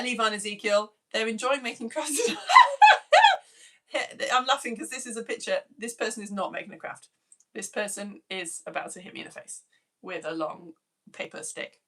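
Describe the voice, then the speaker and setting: A British woman in her thirties, a teacher, chats on a live stream in a medium-pitched voice that is pushed and bright, with lively intonation and a brisk pace. She reads out viewer messages and greets children by name in a bubbly, self-mocking way.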